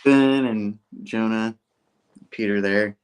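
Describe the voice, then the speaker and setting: A man's voice: lowish voice, slow pace, clear, resonant tone. A man hosting a show, casually recapping a story with lots of fillers. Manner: animated, full of fillers. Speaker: host.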